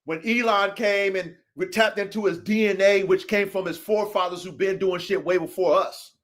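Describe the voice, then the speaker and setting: A man's voice: sits high, steady tone, moderate pace, fairly bright tone. A man hosting a live-streamed dog-breeding podcast, talking in an emphatic, profane, preachy way. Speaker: podcast host. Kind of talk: casual podcast discussion. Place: home studio on a live stream.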